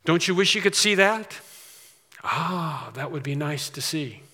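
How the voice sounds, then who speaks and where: A man's voice: on the high side, expressive, a little slow, bright, forceful tone. A man preaching a sermon in an emphatic way, repeating his key phrases. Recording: long reverb of a large hall.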